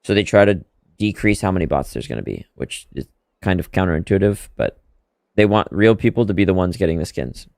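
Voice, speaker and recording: A man streaming a shooter game live, chatting casually about updates and reacting loudly to the play. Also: deep voice, expressive, brisk, vocal fry, dry recording, studio quality. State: hiccuping. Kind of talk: casual live-stream commentary while gaming.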